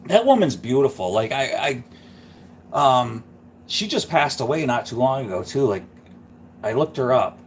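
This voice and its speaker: A man's voice: medium pitch, big pitch swings, normal speed, long pauses, slight background noise. A man hosting a live stream, chatting casually and rambling through a story. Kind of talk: casual chat.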